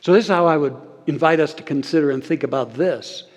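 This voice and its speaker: A man preaching a sermon as pastor, earnest, slowing and softening on key phrases and leading the congregation in saying lines back. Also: a little high. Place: church sanctuary. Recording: long hall reverb.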